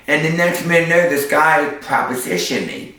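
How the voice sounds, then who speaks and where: A man's voice: on the high side, big pitch swings, moderate pace, pushed and bright. A man who works as a street performer, telling stories in an interview in a sassy way and using sound effects. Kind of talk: storytelling interview. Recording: echoey, mic far off.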